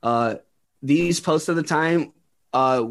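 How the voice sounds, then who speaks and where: A man's voice: fairly high pitch, slow pace. Rambling male podcast host. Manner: rambling, heavy on fillers, laughs at own jokes. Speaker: podcast host presenting the topic. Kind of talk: casual podcast chat.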